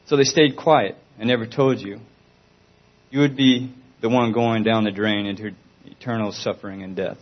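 A man's voice: on the low side, fairly even intonation, moderate pace, dull audio. A man giving an earnest, pleading Christian testimony.

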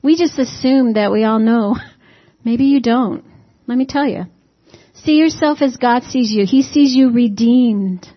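A woman's voice: on the high side, unhurried. A woman preaching a sermon in a conversational, folksy way, peppering it with rhetorical questions to the congregation and humorous asides. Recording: dull lo-fi recording.

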